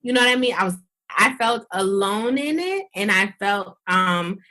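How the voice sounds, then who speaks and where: Woman, doctor, podcast guest, candid, animated, casual slang. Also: mid-range voice, normal speed. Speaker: gynecologic surgeon guest. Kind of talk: conversational podcast interview.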